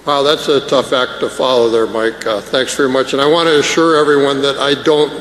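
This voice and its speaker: A man's voice: mid-range voice, fairly even intonation, brisk, a bit bright. A man, a scientist, giving an emotional, self-deprecating conference talk with jokes. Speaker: scientist speaker. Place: large conference hall. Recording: echoey hall with faint noise.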